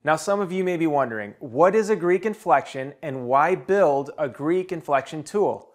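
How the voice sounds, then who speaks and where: A man presenting a software tutorial, explaining grammar in a measured, deliberate, teacherly way. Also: fairly high pitch, animated. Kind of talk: scripted explanatory narration.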